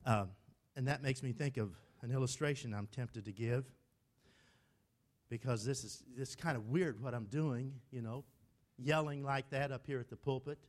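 An older man preaching a sermon from the pulpit, emphatic, urging the congregation to recite with him and shouting lines for emphasis. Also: medium pitch, moderate pace. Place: church sanctuary at the pulpit.

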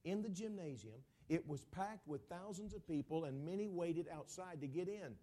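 A man's voice: a little high, animated, moderate pace, warm tone. A man quoting a grieving, bitter father who insists on his points, in an everyday voice. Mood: curt. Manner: insistent, repeats himself. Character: grieving proud older father, bitter toward God.

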